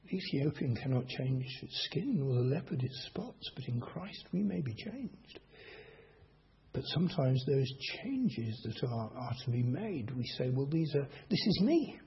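Slow, lively preacher. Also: male voice, mid-range voice. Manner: slow, measured preaching with rhetorical questions. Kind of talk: sermon. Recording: dull lo-fi recording.

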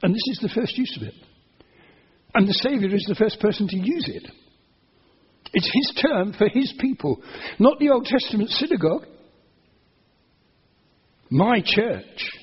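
High-voiced husky man preaching a sermon. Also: animated, unhurried, long pauses. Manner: earnest, explanatory, rising to emphatic repetition. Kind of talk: expository sermon. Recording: dull lo-fi sermon recording.

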